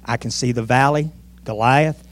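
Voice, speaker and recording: A man's voice: mid-range voice, moderate pace. A male pastor preaching a sermon in church, telling a story with lots of energy and acting out the voices. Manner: animated storytelling, acts out voices.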